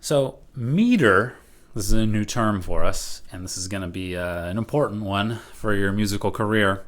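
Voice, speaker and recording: A man's voice: on the low side, normal speed. A man teaching a recorded music lesson over slides, casual and patient, often checking in with "right?".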